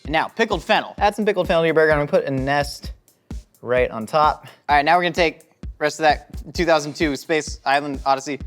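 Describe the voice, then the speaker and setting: A man's voice: on the high side, quick pace, soft background music. A young man hosting a cooking show, joking with his crew as he demonstrates a recipe. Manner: jokey, excitable, talks to the crew.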